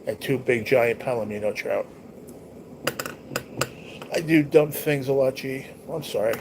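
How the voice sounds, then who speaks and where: Here a man with a mid-range voice speaks at a measured pace while hosting a casual livestream. He rambles bluntly to his viewers with lots of cursing and slang, and the recording has noticeable background noise.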